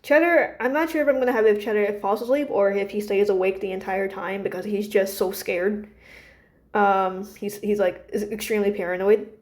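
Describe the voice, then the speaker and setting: A woman's voice: medium pitch, steady tone, normal speed, darkish tone. A woman casually retelling a story about her characters, rambling with many fillers and restarts.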